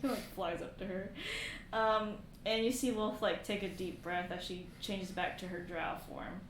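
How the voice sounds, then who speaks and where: A woman running a live tabletop game as game master, narrating in a casual, animated way with lots of fillers. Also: medium pitch, normal speed. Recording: echoey room, faint background hiss.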